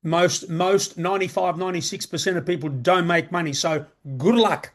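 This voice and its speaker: A man pitches a membership opportunity live, his voice sitting a bit high for a man. He talks eagerly and casually, circling back on his words and throwing rhetorical questions at his listeners. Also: moderate pace. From Australia. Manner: enthusiastic, repetitive, conversational pitch with rhetorical questions. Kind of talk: live sales presentation.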